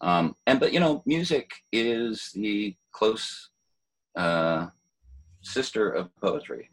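An older man, a poet, talking in a relaxed interview, thoughtful and hesitant, with many fillers and restarts. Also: on the low side, slow pace, low-quality recording. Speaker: poet, former city poet laureate.

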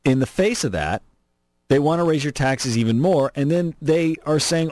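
A man hosting an opinionated political talk radio show from Southern California, animated, sarcastic and emphatic. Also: a little high, moderate pace, dry recording. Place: radio studio.

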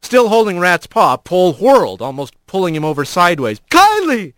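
Animated male storybook narrator. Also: fairly high pitch, brisk, no echo. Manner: expressive, animated reading.

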